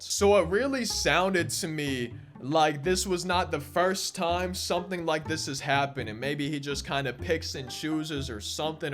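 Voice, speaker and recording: Young man telling a story, chatty. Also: on the high side. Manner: rambling, amused, repeats words when excited. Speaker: gaming YouTuber. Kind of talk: casual storytelling during a pack opening.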